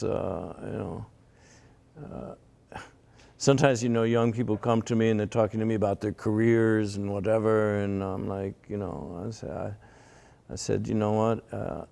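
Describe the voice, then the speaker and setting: Older man, low gravelly voice, rambling storyteller in an interview, stumbles and repeats words. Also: a little mellow. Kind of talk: storytelling conversation.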